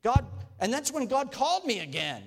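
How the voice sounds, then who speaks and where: A man's voice: very high-pitched, big pitch swings, moderate pace, gravelly, a bit bright, pitched above the performer's own voice, heavily acted. A man preaching voices a boastful prophet interviewing for a job, eager and self-assured.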